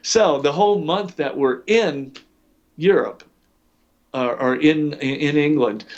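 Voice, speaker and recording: A man's voice: on the high side, slow pace, dull audio. A man telling long anecdotes as an interview guest, full of fillers and restarts. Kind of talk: storytelling in a podcast interview.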